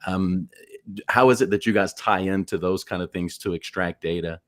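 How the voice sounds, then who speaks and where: A man co-hosting a casual interview, asking questions and telling short anecdotes in a relaxed way. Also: low voice, normal speed, dry recording, clean studio sound. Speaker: podcast co-host.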